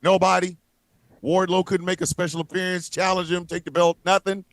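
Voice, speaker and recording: A man's voice: high voice, little pitch movement, brisk, no room sound. A man co-hosting a livestream, ranting angrily and profanely with lots of repetition. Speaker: co-host. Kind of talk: heated livestream rant.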